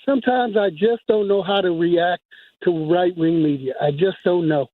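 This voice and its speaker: A man who is a military veteran calls in to a radio talk show and answers the host in a dry, defensive, measured way. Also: high-pitched, no echo. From United States. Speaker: caller. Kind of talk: call-in radio chat. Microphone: telephone. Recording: tinny phone line.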